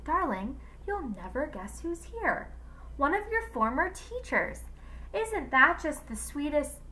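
Woman doing a fawning clueless husband, sugary sweet, pitched up high. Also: sing-song, normal speed, pushed and bright, a little hiss or hum, full character voice, low-quality recording. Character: doting, clueless rich husband. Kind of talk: read-aloud storybook voices.

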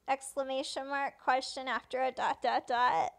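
A woman's voice: high voice, fairly even intonation, moderate pace. A woman hosting a let's play, casually paraphrasing game dialogue and reading punctuation aloud.

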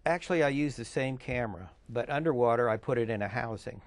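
An older man, an underwater photographer, chatting as a guest in an interview, telling long anecdotes with many pauses and fillers. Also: medium pitch. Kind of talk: casual interview storytelling.

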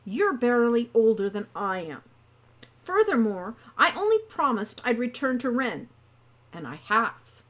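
A woman's voice: a little high, lively intonation, moderate pace. A woman voicing a cold, sardonic, bookish young man.

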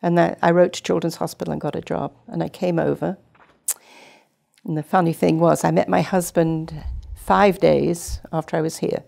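Older woman from England, guest storyteller, gravelly low dark voice. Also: normal speed. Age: 70s. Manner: chatty, animated anecdotes. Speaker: guest, retired nurse. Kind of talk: casual storytelling interview. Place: community TV studio.

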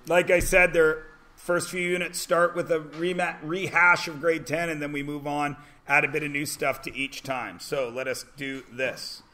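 A man teaching a high school math class, joking as he lectures. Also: level tone, sharp tone. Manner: joking, drawn-out teacherly questions.

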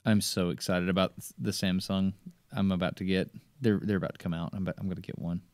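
Eager low-voiced man. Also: fast, dry recording. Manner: eager, excitable explaining. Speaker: podcast host. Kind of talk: casual chat.

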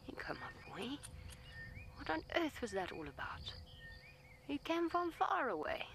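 A woman's voice: sits high, sing-song, measured pace, a bit bright, a little hiss or hum. A woman safari guide talking outdoors from her vehicle, coaxing an elephant in a soothing, pleading voice and explaining its behavior to viewers. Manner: explains animal behavior matter-of-factly. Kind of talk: live commentary to camera.

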